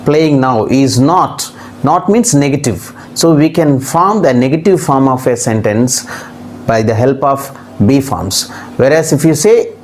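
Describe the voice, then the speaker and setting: Woman, low voice, patient grammar teacher who goes step by step. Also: a little mellow, slight background noise. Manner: patient, explains step by step with repeated examples. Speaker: English teacher. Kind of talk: grammar lesson.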